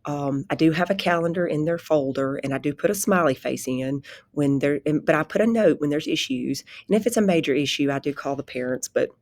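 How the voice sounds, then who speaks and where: A woman who teaches pre-K, talking calmly and conversationally about her classroom, often backtracking and restarting sentences. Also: low-pitched, brisk, no room sound. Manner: calm, conversational, rambling with restarts. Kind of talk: informal spoken presentation.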